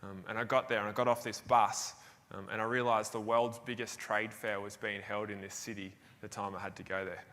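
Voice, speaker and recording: A man's voice: fairly low pitch, level tone, brisk, a bit bright. A young Australian man from Tasmania telling a self-deprecating story in a motivational stage talk. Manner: anecdotal, self-deprecating, laughs between phrases. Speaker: keynote speaker. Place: large hall on stage. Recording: live hall with long reverb.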